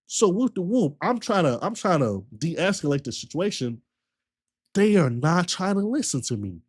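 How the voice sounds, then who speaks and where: A man streamer telling a long story in a casual, slangy rant, full of repetition and animated retellings. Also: high-pitched, normal speed, husky.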